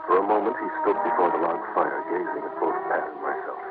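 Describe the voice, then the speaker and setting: Actor as wry urbane detective, lowish voice, tinny old radio. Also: male voice, quick pace, over loud music, natural voice. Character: suave American detective husband. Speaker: narrator and lead. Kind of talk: 1940s radio acting.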